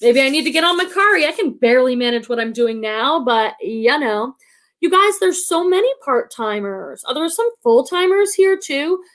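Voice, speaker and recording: A woman's voice: high voice, expressive, normal speed, a bit bright. A middle-aged woman hosting a live stream, chatting casually, laughing often and talking through lots of fillers. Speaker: livestream host of a reselling channel. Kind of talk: casual live-stream chat reading comments.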